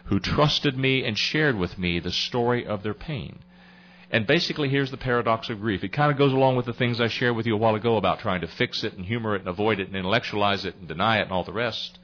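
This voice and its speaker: A man's voice: sits low, fairly bright tone, dull audio. A middle-aged man giving a sermon-like talk on grief at a memorial service, earnest, repeating his key phrases and acting out conversations.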